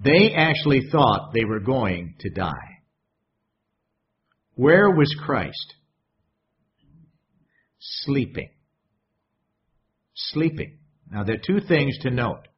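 A man's voice: medium pitch, big pitch swings, slow pace, long pauses. A man preaching a sermon in a conversational way, often putting questions to the congregation. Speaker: pastor. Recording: dull lo-fi sound.

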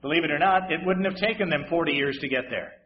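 A man preaching a sermon in a dramatic way, moving between loud emphasis and hushed asides with wry humor. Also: on the high side, quick pace, muffled recording.

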